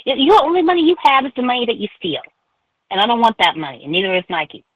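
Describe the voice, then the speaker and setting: A woman's voice: on the high side, quick pace, no echo. A woman posing as a mother on a prank phone call, scolding and ranting in an indignant way.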